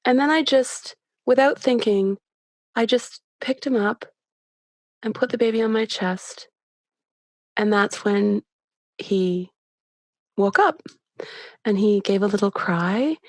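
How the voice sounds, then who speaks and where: A middle-aged woman shares a personal story in a candid, halting way, often circling back and restarting her sentences. Her voice sits at a middle pitch. The sound is dry and close. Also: fairly even intonation, dry recording. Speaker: podcast guest.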